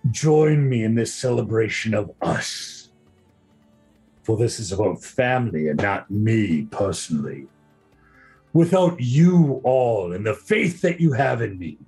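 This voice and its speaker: A man voicing a huge, solemn male minotaur ruler who speaks slowly and gravely. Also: medium pitch, darkish tone. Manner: slow, grave, measured speech.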